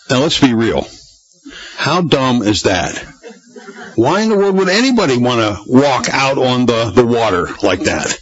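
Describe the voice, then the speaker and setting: A man's voice: medium pitch, very animated, unhurried, pauses often, fairly bright tone. A male pastor giving a conversational sermon in a church, rambling and asking rhetorical questions. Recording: dull lo-fi recording.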